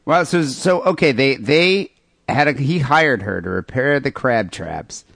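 A man co-hosting a podcast in casual chat, wry and joking with quick reactions. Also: mid-range voice, expressive, creaky, a bit bright, dry recording, studio quality. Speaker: podcast co-host.

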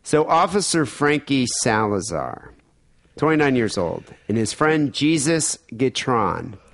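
A man's voice: measured pace, creaky. A man co-hosting a podcast, telling stories in loose, rambling casual banter. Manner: rambling, animated storytelling with sudden jumps in pitch. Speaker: podcast co-host.

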